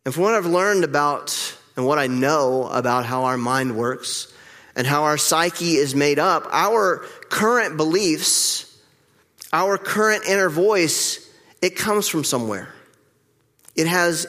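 A middle-aged male pastor preaching a candid, reflective sermon with pauses, heard with the long reverb of a church hall. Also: on the high side, lively intonation, sharp tone. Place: church sanctuary.

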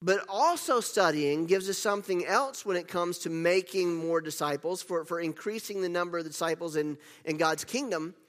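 High-voiced male pastor preaching emphatically. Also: normal speed, hardly any pauses, fairly bright tone, in a large hall. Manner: earnest, emphatic preaching with self-deprecating asides. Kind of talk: sermon.

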